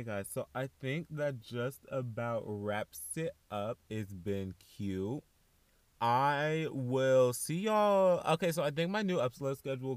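A young man, hosting a casual solo podcast in a chatty, animated way with sassy asides. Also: on the low side, no echo. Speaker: podcast host.

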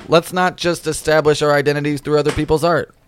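A man's voice: a little high, little pitch movement, quick pace, smooth. A man co-hosting a podcast in a small home studio, chatting casually about movies with profane, sarcastic rants. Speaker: podcast co-host.

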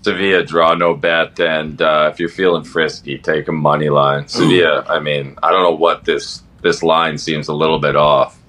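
A man's voice: rumbling low, flat delivery, normal speed, few pauses, fairly bright tone. A man co-hosting a betting podcast, giving his picks in a laid-back way. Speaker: podcast co-host. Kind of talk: casual chat.

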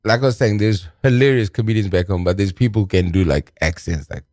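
Low-voiced South African man chatting. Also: quick pace, a little mellow, no echo, clean studio sound. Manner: chatty, laughs often, repeats words. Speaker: comedian guest. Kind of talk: casual podcast chat.

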